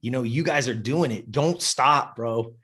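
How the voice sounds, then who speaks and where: A man's voice: mid-range voice, unhurried, fairly bright tone, husky. A man giving a blunt, profane motivational talk as a podcast guest. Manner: blunt, intense, swears often.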